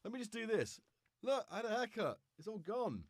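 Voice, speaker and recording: A self-mocking man with a Liverpool-tinged British accent chats on a live stream from his home studio. He sounds full of cold, and his lively voice rises and falls a lot. The sound is dry, with no room echo. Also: sits high, a little fast. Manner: chatty, rambling, self-mocking. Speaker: livestream host. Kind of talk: casual live-stream chat.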